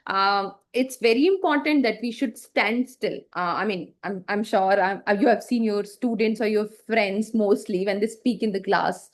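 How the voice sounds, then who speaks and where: A woman's voice: medium pitch, normal speed, few pauses. A woman teacher giving an online class lecture, explaining with frequent fillers and check-in questions and acting out bad examples to demonstrate.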